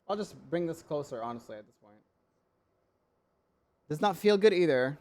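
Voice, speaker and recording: A man's voice: on the high side, moderate pace, pauses often. A young man streaming live, ranting in an irritated, sweary way and repeating his questions as he complains. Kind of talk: casual live-stream chat.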